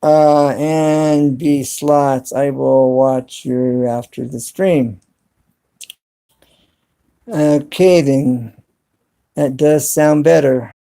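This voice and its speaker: A man hosting a casual live stream from his cell phone, talking to viewers in the chat and spelling words out slowly and deliberately. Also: on the high side, steady tone, creaky, mellow. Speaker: YouTube channel host live streaming.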